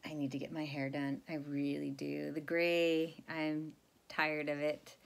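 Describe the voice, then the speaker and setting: A middle-aged woman chats to her camera about her week, rambling from one thought to the next. Her voice sits a little low, and she laughs at herself often. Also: a bit bright. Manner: rambling, chatty, laughs often, self-deprecating. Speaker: FlossTube vlogger. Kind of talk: casual chat to camera.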